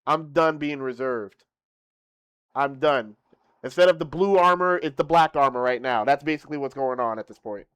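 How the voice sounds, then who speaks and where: A young man streaming casually to his viewers, boasting playfully, laughing, then thanking them softly. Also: mid-range voice, normal speed, smooth, dry recording.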